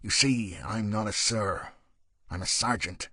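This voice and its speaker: Guy doing a big gruff sergeant, deep angry bark, american-belfast accent mashed together, dry sound. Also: measured pace, sharp tone, dry recording. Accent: mix of East Coast American and Belfast. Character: gruff hulking male sergeant, blunt and intimidating.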